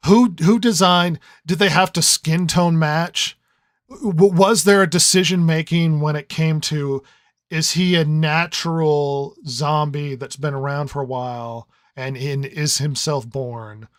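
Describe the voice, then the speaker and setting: A man's voice: on the high side, fairly even intonation, a little slow, no room sound, studio quality. A man co-hosting a podcast review in casual chat, rambling and riffing with lots of stammered restarts. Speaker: podcast co-host.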